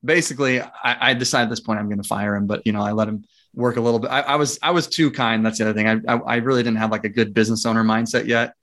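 Guy chatting as an interview guest, middle pitch, tells it lively w/ little laughs, acts out what people said. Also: rapid-fire. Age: adult with young children. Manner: lively storyteller, acts out dialogue, laughs often; frequent fillers and restarts. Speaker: interview guest, property investor. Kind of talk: casual storytelling in conversation.

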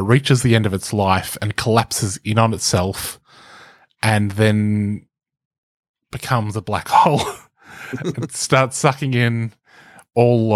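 A man's voice: lowish voice, no echo, studio quality. A man, co-hosting a casual podcast, explaining things in a joking, rambling way. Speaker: podcast co-host. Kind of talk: casual chat.

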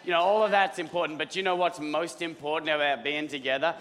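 A man preaching as lead pastor, his voice rough and hoarse, rallying the congregation and clearing his throat often. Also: on the high side, fairly even intonation, quick pace, a bit bright. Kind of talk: sermon. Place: church auditorium. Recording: hall reverb with faint music.

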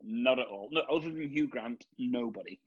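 Man, Yorkshire accent, husky, jokey chat, dry slightly dull recording. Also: medium pitch, no room sound. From Yorkshire, England. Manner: chatty, jokey, quick to laugh. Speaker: guest, board game reviewer. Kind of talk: casual chat.

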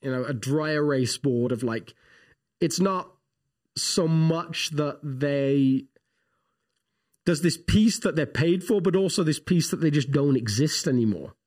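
A man, co-hosting a casual theology podcast and telling rambling, animated stories full of restarts. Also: a little high, unhurried. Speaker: podcast co-host, pastor.

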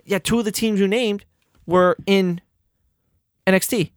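A man's voice: sits high, steady tone, unhurried, clean tone, dry recording, studio quality. A man co-hosting a casual wrestling podcast, talking emphatically and repeating his points for stress. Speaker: podcast co-host.

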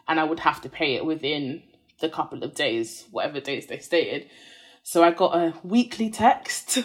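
A woman in her twenties with a deep voice, appearing as a podcast guest, tells a personal story candidly. Her manner is chatty and earnest, and she fills her speech with lots of "like."

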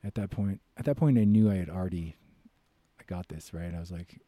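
Brief: young American guy, low pitch, lively storyteller who acts out voices. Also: a little fast, dry recording. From United States. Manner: animated storyteller, acts out quoted voices loudly. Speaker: podcast guest, author. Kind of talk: casual storytelling.

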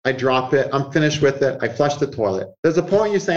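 A man, an astrologer guest in an interview, explaining ideas in a lively conversational way and acting out inner voices with frequent chuckles. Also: a little high, fast talker, hardly any pauses. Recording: muffled lo-fi sound.

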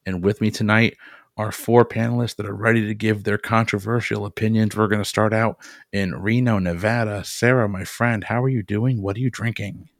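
A man hosting a casual podcast chat with friends, talking quietly and joking, in a low hushed voice. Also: steady tone, normal speed, no room sound, clean studio sound. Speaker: podcast host.

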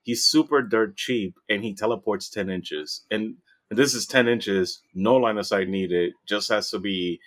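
A man's voice: lowish voice, measured pace, fairly bright tone. A man co-hosting a podcast, chatting casually and enthusiastically about a tabletop game, often restarting his words. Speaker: podcast co-host. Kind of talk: casual game recap chat.

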